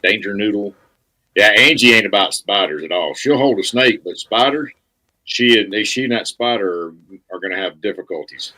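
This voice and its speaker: A man's voice: lowish voice, expressive, normal speed, pushed and bright, low-quality recording. A man co-hosting a podcast, easygoing and fond of folksy sayings. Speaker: podcast co-host. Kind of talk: casual chat.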